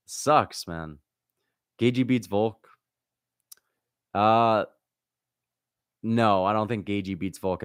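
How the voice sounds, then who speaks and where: A man hosts a casual livestream, reading out viewer comments and venting about getting things wrong. His voice sits fairly low and sounds close and dry, with no room around it. He curses freely and lurches between sharp outbursts and grumbling under his breath. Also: smooth, no echo. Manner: frustrated, swears a lot, swings between loud outbursts and low muttering. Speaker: livestream host reacting to fights.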